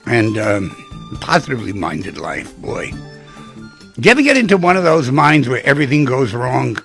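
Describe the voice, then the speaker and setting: Gravelly, animated radio host man. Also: medium pitch, normal speed, faint music behind. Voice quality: gravelly, husky voice. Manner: animated storytelling, acts out quoted people. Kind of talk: radio talk monologue. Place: radio studio.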